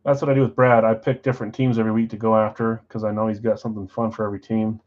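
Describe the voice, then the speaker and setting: A man's voice: on the low side, little pitch movement, rapid-fire, narrow, tinny audio. A man hosting a live card break stream, reading off names and teams with chatty asides.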